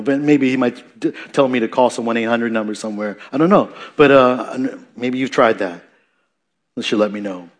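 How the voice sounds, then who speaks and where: A man preaching a sermon, rising loud for emphasis, dropping soft, with chatty asides and self-corrections. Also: medium pitch. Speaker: pastor.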